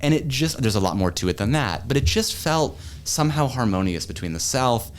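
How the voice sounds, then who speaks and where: A man from New England, a history professor, telling a wry anecdote in an animated way. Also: medium pitch, brisk, slight background noise. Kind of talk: anecdotal storytelling.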